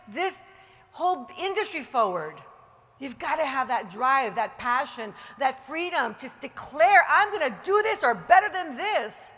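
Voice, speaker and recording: Energetic woman speaker in an echoey hall. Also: high-pitched. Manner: energetic and emphatic, then slow and soothing when guiding relaxation. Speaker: motivational speaker leading a guided meditation. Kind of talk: live motivational talk to an audience. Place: large hall with an audience.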